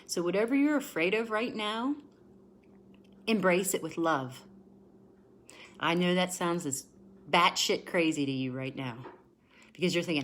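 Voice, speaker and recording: A woman's voice: low-pitched, expressive, normal speed, long pauses, a little hiss or hum. A woman giving a livestream tarot reading with a pep talk. She is emphatic and encouraging, chatty, and often close to tears. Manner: emotional and emphatic, sometimes near tears; chatty and encouraging, rambling asides. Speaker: tarot card reader.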